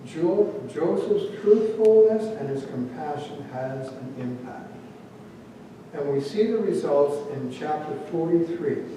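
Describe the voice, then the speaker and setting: A man preaches in a relaxed, conversational way and now and then acts out the people he quotes. His voice sits high and mellow. He is heard from a distance in a very echoey church hall with faint room noise behind him. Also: slow. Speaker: pastor. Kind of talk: sermon. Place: church sanctuary.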